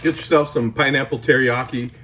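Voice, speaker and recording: His mid-range voice sounds pushed and bright, brisk with fairly even intonation, and there's a little hiss or hum. He's hosting his card collecting channel at home, enthusiastically tasting jerky for a casual product review, chatting and exclaiming while eating.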